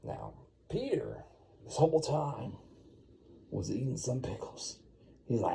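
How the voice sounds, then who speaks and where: A man's voice: mid-range voice, very animated, unhurried, gravelly, pauses often, warm tone. A man telling an improvised bedtime story at home while caring for a baby, rambling and laid-back. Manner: rambling, laid-back, full of "you know". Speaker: father.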